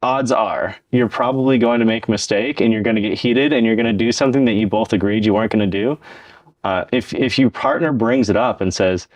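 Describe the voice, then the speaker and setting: A podcast co-host with a lowish voice talks briskly in a dry recording, chatting casually but earnestly about relationships. He explains his points at length and acts out the lines people say to each other.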